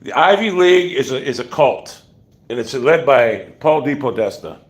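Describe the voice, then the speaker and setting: A man's voice: medium pitch, lively intonation, normal speed. A man hosting a casual livestream, ranting bluntly with profanity and rambling asides. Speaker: livestream host.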